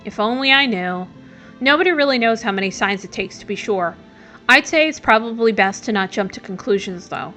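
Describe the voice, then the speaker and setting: A woman's voice: a little high, animated, a little fast, bright, forceful tone, soft background music. A woman voicing a weary neighbor who shelters strangers, in a plain, resigned matter-of-fact reading.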